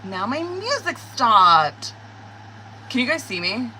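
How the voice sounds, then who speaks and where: Bright-voiced, excitable woman tarot reader. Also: a little high, takes it slowly, slight background noise, rough recording. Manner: excitable, cursing, talks to viewers. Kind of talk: live-stream tarot reading.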